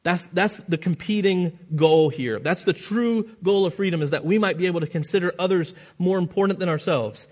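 A man delivers a sermon with earnest conviction, his voice sitting a touch higher than most men's. He often stumbles and restarts his phrases, and chuckles now and then at his own asides. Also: normal speed, few pauses. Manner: earnest preaching with repeated restarts. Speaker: pastor.

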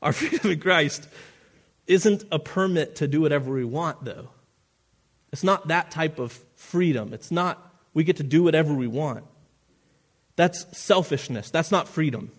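A man delivers a sermon with earnest conviction, his voice sitting a touch higher than most men's. He often stumbles and restarts his phrases, and chuckles now and then at his own asides. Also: a little slow, breathy edge. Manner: earnest preaching with repeated restarts. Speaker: pastor.

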